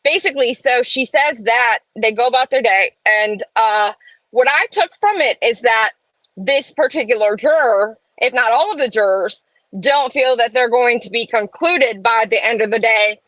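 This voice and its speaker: Casting: woman, slightly high voice, chatty live-stream host, dry close sound. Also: moderate pace, fairly bright tone, no room sound, rough recording. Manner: chatty, reads chat aloud, opinionated asides. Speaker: livestream host. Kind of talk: casual live-stream chat. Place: home room.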